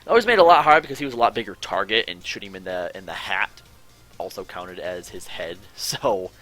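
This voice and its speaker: A man's voice: fairly low pitch, quick pace, faint music behind. A man hosting a casual online show, chatting and telling stories with frequent restarts and swearing. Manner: animated, swearing, rambling with restarts. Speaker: podcast host. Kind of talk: casual chat on a call.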